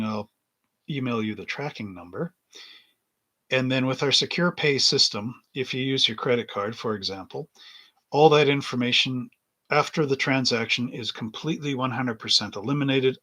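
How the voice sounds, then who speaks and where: A man's voice: mid-range voice, bright, forceful tone. A man hosting a live stream from his hobby shop, chatting casually and rambling as he reads the chat aloud. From Canada. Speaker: livestream host and hobby shop owner.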